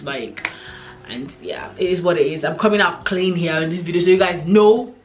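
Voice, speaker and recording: A young pregnant woman vlogging in a chatty, animated way, telling stories to camera. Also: lowish voice, moderate pace, muffled recording, faint music behind. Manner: chatty, animated storytelling with many "like" and "oh my God". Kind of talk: casual chat to camera.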